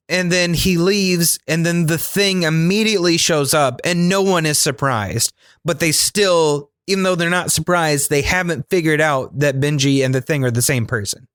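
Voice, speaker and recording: A man co-hosts a casual podcast chat, laughing and exasperated as he jokes. His voice sits a little high. The sound is dry and close, with no room around it. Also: moderate pace, a bit bright, no echo. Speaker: podcast co-host.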